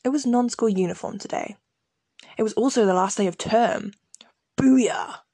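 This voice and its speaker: A young woman chats casually and laughs at herself as she talks. Her voice carries a gravelly fry at the ends of phrases. The recording is close and dry, with no room sound. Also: medium pitch, brisk, no echo. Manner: giggly, self-mocking, animated. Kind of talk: casual chat, reading from an old diary.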